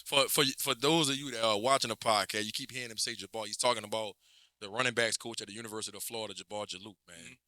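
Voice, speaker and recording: A man hosting a podcast, firing off quick interview questions with casual asides. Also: lowish voice, steady tone, sharp tone, no echo. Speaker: podcast host.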